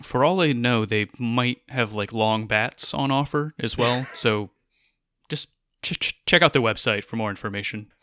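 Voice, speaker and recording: A man co-hosting a podcast in casual chat, easygoing and smooth when reading intros. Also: mid-range voice, normal speed, sharp tone, no room sound. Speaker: podcast co-host.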